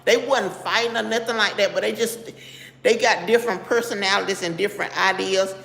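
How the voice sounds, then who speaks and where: A woman's voice: mid-range voice, steady tone, a little fast, gravelly, a bit bright. A middle-aged woman hosting a casual live stream. She talks bluntly and keeps breaking off to greet viewers by name. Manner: chatty, greets viewers by name mid-sentence; blunt and straight-talking. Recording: echoey room with long reverb.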